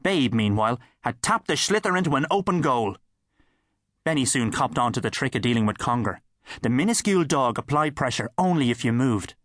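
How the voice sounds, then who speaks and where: Irish man, children's audiobook narrator, wry lively storytelling, dry studio sound. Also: mid-range voice, a little fast, no room sound.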